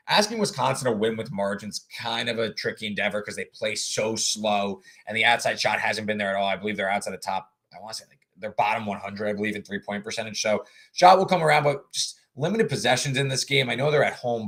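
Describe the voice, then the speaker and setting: A man's voice: fairly low pitch, a bit bright. A man co-hosting a sports betting podcast, talking through stats and numbers in casual chat with plenty of fillers. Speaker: sports betting analyst co-host.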